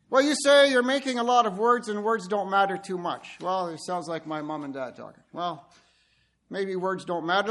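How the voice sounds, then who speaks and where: A man's voice: high voice, normal speed. A man preaching a sermon, telling stories and speaking directly to his listeners. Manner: animated storytelling, addresses listeners directly.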